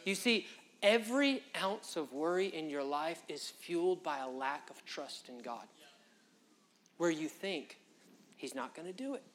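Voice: medium pitch, expressive, a little slow, fairly bright tone. Impassioned preacher delivering a sermon. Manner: impassioned, direct address to the congregation; conversational, folksy phrasing.

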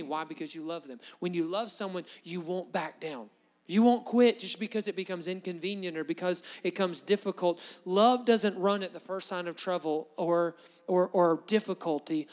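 Male pastor, fairly high-pitched, impassioned preaching with sharp swells in volume, long hall reverb. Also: moderate pace. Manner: impassioned, rises and drops in volume for emphasis. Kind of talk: sermon.

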